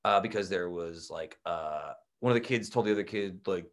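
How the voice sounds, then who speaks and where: Young guy podcast cohost, teacher, tells stories, does big loud voices for quotes. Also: low-pitched, fairly quick. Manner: animated storyteller, acts out quotes loudly. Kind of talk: casual chat.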